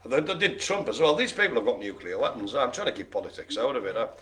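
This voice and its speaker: A man's voice: mid-range voice, lively intonation, fast, bright, forceful tone. A man calling bingo with jokes, banter and playful asides to the players. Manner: jokey, chatty, playful asides. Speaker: bingo caller.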